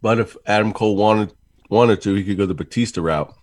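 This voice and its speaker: A man's voice: lowish voice, a little fast, darkish tone, dry recording. A man co-hosting a casual talk show, laying out his points at length in an easygoing way. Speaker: podcast co-host. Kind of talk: casual chat.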